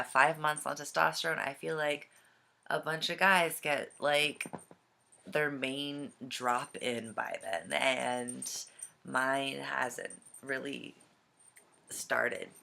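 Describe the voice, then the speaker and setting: A young man vlogging casually from home, with a slightly scratchy, gravelly voice and a hesitant way of talking full of ums. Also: medium pitch, pushed and bright. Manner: hesitant, many ums and trailing thoughts. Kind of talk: casual vlog chat. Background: dog and cat noises.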